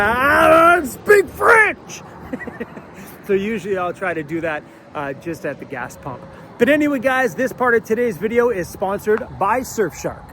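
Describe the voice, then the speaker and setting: A man from Canada chatting casually as a travel vlogger, jokey and laughing often, talking from inside a vehicle on the road. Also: sits high. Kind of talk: casual travel vlog chat. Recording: loud road noise in a moving vehicle.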